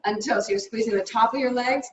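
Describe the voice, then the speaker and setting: A woman teaching a live yoga class, cueing poses in a brisk, upbeat way and a little out of breath. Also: fairly high pitch, lo-fi sound, a little hiss or hum. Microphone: camera mic at a distance. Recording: echoey room, from far off.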